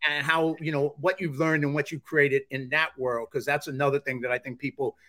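A male podcast host with a calm, easygoing delivery, chatting and telling stories. His voice sits a little high for a man. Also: brisk. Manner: calm, conversational storyteller. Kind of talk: casual interview talk.

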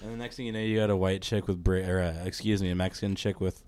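A young man with a lowish voice co-hosting a casual podcast. He tells crude stories in a relaxed, profane way. He's in easy banter with a friend. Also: quick pace. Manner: laid-back, profane storytelling. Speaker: podcast co-host.

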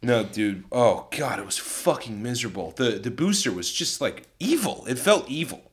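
A man's voice: medium pitch, big pitch swings, moderate pace. A man co-hosting a podcast, teasing and swearing in casual banter. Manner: swears a lot, jokey and teasing. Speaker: podcast co-host. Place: in New York.

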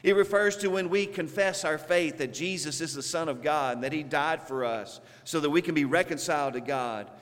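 A man preaching a sermon with a Southern US accent, speaking slowly and deliberately with emphatic pauses. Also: on the high side, fairly bright tone, long reverb tail. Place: church sanctuary.

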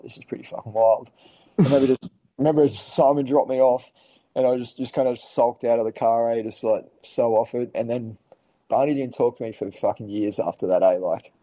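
Aussie bloke yarning on a podcast, really deep mellow voice, swears a lot. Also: male voice, no room sound, low-quality recording. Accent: Australian. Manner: laid-back, swears freely, lots of fillers. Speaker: podcast guest. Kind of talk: casual storytelling.

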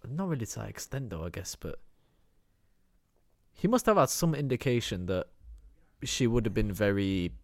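A man's voice: lowish voice, expressive, normal speed, long pauses, darkish tone, no echo, clean studio sound. A young man, a podcast co-host, chatting casually and thinking aloud with hesitations. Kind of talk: casual chat.

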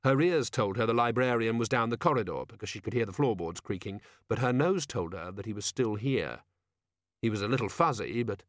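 A man narrating an audiobook in a measured, steady storytelling voice. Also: fairly low pitch, no room sound, studio quality. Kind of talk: scripted narration.

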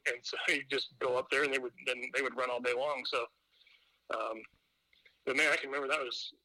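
A man's voice: medium pitch, fairly even intonation, fairly quick, pushed and bright, dry recording, poor audio. A man chatting as a podcast guest, telling rambling stories full of fillers and restarts. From Indiana. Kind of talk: casual chat.

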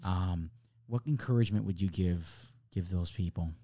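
A man hosting a faith podcast, asking questions and encouraging his guest with quick affirmations. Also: low voice, warm tone. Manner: encouraging, lots of short affirmations. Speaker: podcast host. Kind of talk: casual podcast chat.

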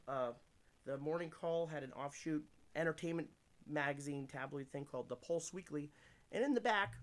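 A male comedian from Pennsylvania telling crude, self-deprecating stories in a casual podcast chat indoors. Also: a little high. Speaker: comedian guest. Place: indoors room.

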